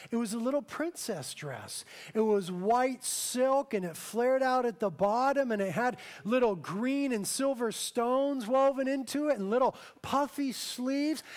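A man pastor preaching a sermon, telling a story with slow, emphatic swells and quiet, tender passages. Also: very high voice.

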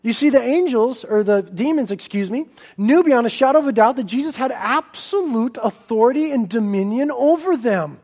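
A male pastor preaching a sermon in an animated, emphatic way, swinging between loud and soft. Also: very high voice, normal speed, hardly any pauses.

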